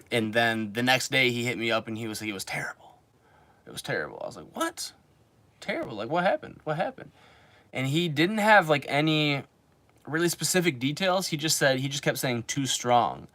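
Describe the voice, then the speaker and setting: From his home in Japan, a man in his twenties streams casually, reading viewer comments and telling rambling stories stuffed with fillers. His medium-pitched voice is brisk, bright, and forceful, captured in a dry recording.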